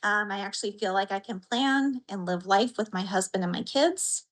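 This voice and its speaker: A woman from Idaho, a patient giving an earnest, heartfelt personal account in an interview, pausing with soft fillers. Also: medium pitch, rough recording. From Idaho, USA.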